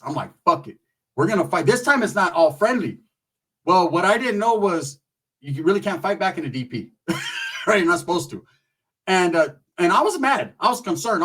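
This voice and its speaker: Man, husky voice, fairly high for a man, profane street slang, animated storytelling, a little off-mic. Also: recorded from a distance, low-quality recording. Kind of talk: casual storytelling.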